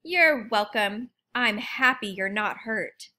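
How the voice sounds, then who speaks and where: A woman's voice: a little high, animated, takes it slowly, sharp tone, full character voice. A woman voicing a cheerful, protective father quail in a children's storybook. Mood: reassuring.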